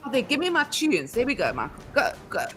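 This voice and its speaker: A woman joins a live stream and chats in an excitable way. Her voice is bright and fairly high, and its pitch swings a lot. Faint music plays behind her. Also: quick pace. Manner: excitable, animated. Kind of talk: casual live stream chat.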